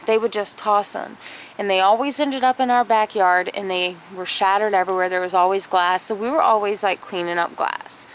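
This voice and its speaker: A woman's voice: mid-range voice, slight background noise. A woman vlogger telling a family story in a chatty, casual way, full of fillers and acted-out quotes.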